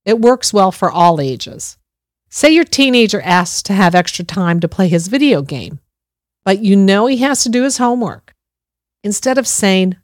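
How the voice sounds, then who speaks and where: A middle-aged woman gives a parenting talk in an earnest, reassuring tone. She often speaks straight to the listener. Her voice sits at an ordinary pitch, recorded close and dry with no room sound. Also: animated, normal speed, no room sound.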